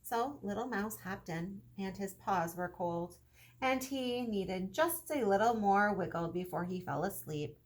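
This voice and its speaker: A young adult woman, a kindergarten teacher, reading a children's story aloud in a gentle, expressive way that speaks to young listeners. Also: mid-range voice, a little slow.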